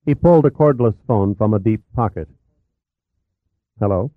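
A man narrating a thriller audiobook in an even, measured storytelling manner. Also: medium pitch, no echo. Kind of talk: scripted narration. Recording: tinny phone-like, dry.

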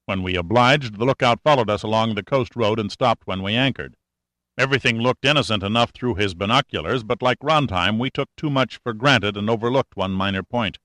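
A man's voice: fairly low pitch, fairly quick, a bit bright, dry recording, natural voice. A man voicing a cool, sarcastic male adventurer in an audiobook, speaking in a dry, matter-of-fact way. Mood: explaining.

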